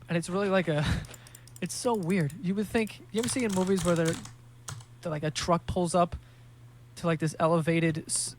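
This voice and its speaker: A man's voice: on the high side, slight background noise. A young man hosting a podcast, telling rambling, profane, joking stories in casual chat. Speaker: podcast host.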